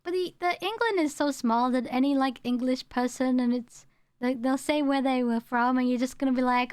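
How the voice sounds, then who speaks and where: A woman's voice: high voice, normal speed, darkish tone, clear, resonant tone, dry recording, clean studio sound. A woman from the United Kingdom, a VTuber streamer, chatting casually and reading her chat aloud. She rambles, repeats herself, and tones down her home accent.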